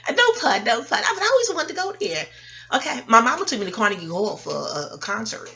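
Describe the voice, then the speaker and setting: A woman's voice: a little high, sing-song, fast talker, sharp tone, slightly rough, lo-fi sound. A middle-aged woman from Harlem, talking in a rambling, profane monologue, digressing and laughing often. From New York, Harlem. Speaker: astrologer and host.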